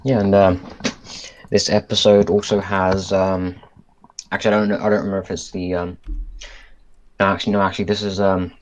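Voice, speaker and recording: Low-voiced man thinking aloud. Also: flat delivery, a little fast, pauses often. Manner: thinks aloud, trailing off and restarting sentences. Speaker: podcast co-host. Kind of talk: casual chat reviewing a cartoon episode.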